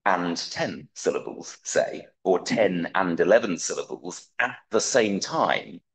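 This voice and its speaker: Low-voiced man reading a scholarly paper. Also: expressive, poor audio. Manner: measured, precise scholarly delivery with dry wit. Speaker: conference speaker. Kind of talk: academic paper read aloud.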